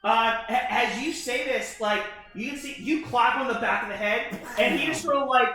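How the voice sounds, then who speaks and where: A man narrating a tabletop horror game as game master, halting and full of restarts. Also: very high-pitched, sharp tone. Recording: echoey room with music behind.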